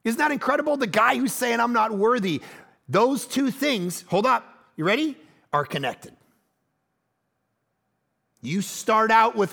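A man preaching a sermon as pastor, telling lively personal stories and swinging from loud, punchy lines to low, quiet ones. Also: a little slow, vocal fry, long pauses.

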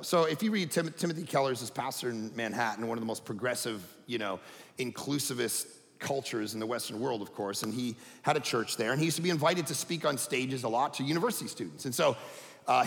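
A middle-aged man preaching a sermon as a pastor, conversational and animated, dropping to a hush and then rising to a shout. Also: mid-range voice, gravelly. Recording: echoey hall reverb.

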